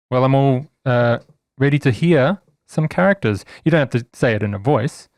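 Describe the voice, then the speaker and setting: A man running a tabletop game, reading out the rules clearly with dry asides. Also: medium pitch, animated, moderate pace, a little mellow, no room sound. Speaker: game master. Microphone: podcast microphone.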